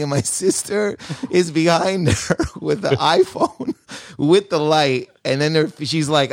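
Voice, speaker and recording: A man's voice: medium pitch, moderate pace, creaky, no room sound, clean studio sound. A man co-hosting a podcast, telling a story in casual chat and acting out family members' lines. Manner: animated, acts out family voices. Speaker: podcast co-host.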